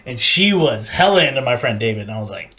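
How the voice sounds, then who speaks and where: A man's voice: medium pitch, quick pace, background noise. A young man co-hosting a podcast, telling rambling, profane stories in casual chat. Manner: profane, rambling, animated storytelling. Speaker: podcast co-host.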